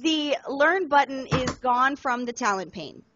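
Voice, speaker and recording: Woman co-host, thirties, fairly high voice, excitable, swears a lot; dry, dull-sounding home recording. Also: unhurried, background noise. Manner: swears freely, excitable, laughs often. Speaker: podcast co-host. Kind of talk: casual gaming podcast chat.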